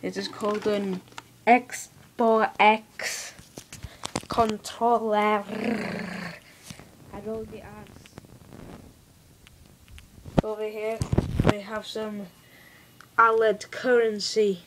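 A woman's voice: medium pitch, flat delivery, drawn-out words, long pauses, noisy background. A young girl giving a playful home video tour, telling silly stories with mock-serious asides, recorded in a bedroom on a camera mic. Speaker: vlogger.

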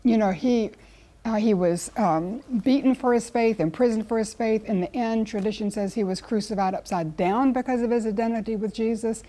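A woman's voice: fairly high pitch, moderate pace, mellow. A woman, a guest Bible teacher speaking in an earnest, conversational teaching style. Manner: earnest, storytelling with acted quotes.

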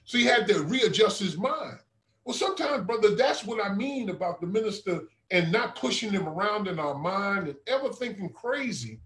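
Man with a high voice telling his testimony, earnest and chatty, keeps saying brother. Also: animated, normal speed, a bit bright, reverberant, low-quality recording. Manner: earnest, conversational, keeps addressing the listener as brother. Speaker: student regional minister. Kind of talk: testimony storytelling.

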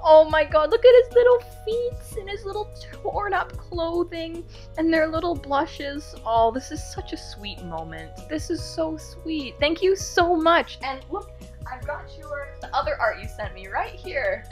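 A woman with a high, bright-sounding voice chats excitedly through an unboxing vlog. Her pitch leaps around as she gasps and exclaims over each gift. Soft music plays faintly underneath. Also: measured pace. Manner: gushing, gasping exclamations. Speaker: YouTuber unboxing fan mail.

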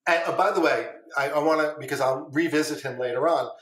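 His voice is a little high, fast and a bit bright. He's a middle-aged ex-trader guesting on a podcast, telling long stories that ramble and repeat, swearing casually throughout a relaxed storytelling interview. The room echoes.

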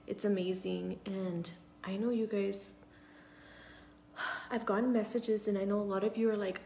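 A young woman talking casually to her phone at home, chatty and often dropping to a soft near whisper. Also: mid-range voice, fairly even intonation, moderate pace, vocal fry, a little hiss or hum. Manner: chatty, repeats "you guys", drops to a near whisper at times. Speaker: patient sharing her recovery. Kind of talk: casual selfie vlog. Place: at home indoors.

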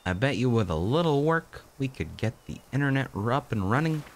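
A man's voice: medium pitch, very animated, brisk. A man giving playful, joking commentary while playing a game. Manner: joking, playful, muttered asides. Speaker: let's play host. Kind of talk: casual gameplay commentary.

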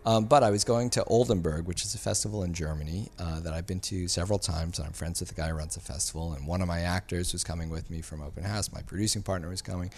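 A man, a filmmaker guest on a podcast, telling a story in a casual, animated way and acting out the people he quotes. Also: sits low, fast, few pauses. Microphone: studio mic.

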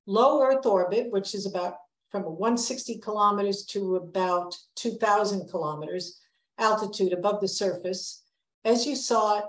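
An older woman giving a prepared public lecture, earnest and emphatic, sounding a warning. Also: medium pitch. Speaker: public lecturer, planetary scientist. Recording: echoey lecture hall.

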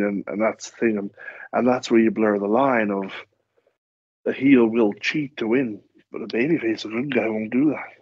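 A man's voice: fairly low pitch, dry recording. A man, a wrestler guest on a podcast, telling rambling stories in casual chat and acting out the quotes. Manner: rambling, animated storytelling with acted-out quotes. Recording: dull lo-fi sound.

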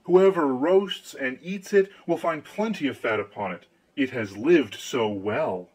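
A man's voice: mid-range voice, unhurried, breathy edge, low-quality recording. A man voicing a shrewd, sly countryman who talks in a persuasive, confiding manner.

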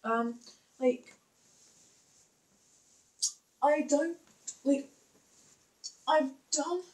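A young woman vlogs from home in a high voice. She talks slowly and unhurriedly, wandering through her thoughts with plenty of ums and likes. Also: a little mellow, rough recording. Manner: rambling, hesitant, lots of fillers. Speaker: vlogger. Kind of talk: casual vlog chat.

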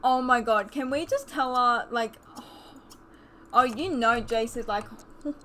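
A young woman chatting excitedly while commentating a life-sim game, gasping and exclaiming often. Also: fairly high pitch, a little slow, a little hiss or hum. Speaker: let's play host. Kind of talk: casual gameplay commentary.

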